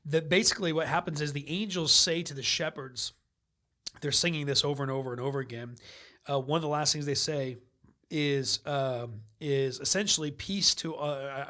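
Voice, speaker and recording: Man, pastor guest, podcast chat, animated storyteller, slightly high voice. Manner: animated storyteller, quick asides and restarts, laughs easily. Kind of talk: casual podcast conversation.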